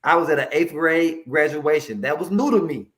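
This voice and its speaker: Animated man telling stories, a bit high. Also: normal speed. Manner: animated, colloquial, preachy asides to the audience. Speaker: guest, mental health professional. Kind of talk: casual storytelling interview.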